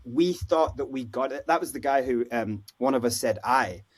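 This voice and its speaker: A Scottish man, a podcast guest, telling stories in a casual, animated way and acting out the voices of people he quotes. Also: medium pitch, moderate pace. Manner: animated, acts out quoted voices, lots of "you know, like". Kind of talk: casual storytelling interview.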